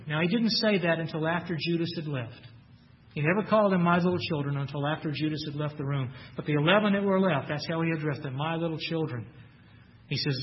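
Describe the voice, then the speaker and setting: A man's voice: on the high side, dull audio. A man preaching a sermon, earnest and repeating his phrases, his voice lifting when he quotes Scripture.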